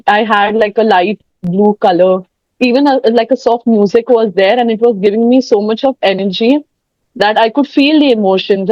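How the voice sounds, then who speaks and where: A woman with an Indian English accent sharing workshop feedback quickly, searching for words. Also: medium pitch, darkish tone, no room sound, highs cut off. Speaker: workshop participant.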